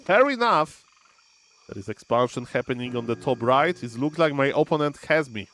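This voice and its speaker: Animated man commentating his own game. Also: mid-range voice, brisk. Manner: animated, often says "ladies and gentlemen", thinks aloud with fillers. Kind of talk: live gameplay commentary.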